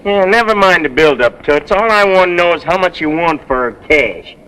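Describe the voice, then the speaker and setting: Tough-guy car buyer, 1930s comedy, clipped slang, bright high voice. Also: expressive, moderate pace, clean tone, rough recording. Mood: blunt suspicious. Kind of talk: 1930s film comedy acting.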